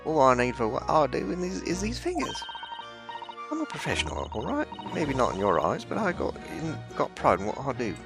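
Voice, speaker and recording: A man voicing a cocky young street pickpocket girl with a Cockney accent and cheeky slang, reading game dialogue aloud. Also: mid-range voice. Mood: proud. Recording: game music playing underneath.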